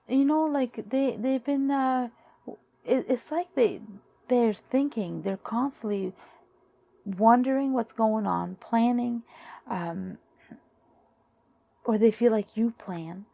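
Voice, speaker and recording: A woman giving a casual tarot card reading who is losing her voice, musing aloud in halting, repetitive phrases. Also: mid-range voice, gravelly, dark tone. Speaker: tarot reader.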